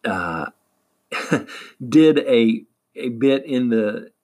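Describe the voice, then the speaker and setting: A man hosting a wrestling recap, talking casually and haltingly with lots of fillers. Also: medium pitch, expressive, a little mellow. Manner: halting, many fillers and restarts. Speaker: wrestling podcast host.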